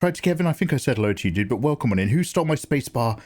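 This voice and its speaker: A man's voice: mid-range voice, expressive, very fast, darkish tone. Rambling, sweary male streamer. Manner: rambling, sweary, jokey, greets chat by name. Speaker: streamer and artist. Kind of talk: casual livestream chat while drawing.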